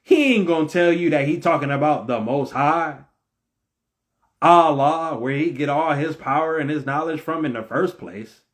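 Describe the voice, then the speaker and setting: A man's voice: on the high side, normal speed. A man hosting his own video, giving a casual spiritual talk full of rhetorical questions in a preachy manner. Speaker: video host.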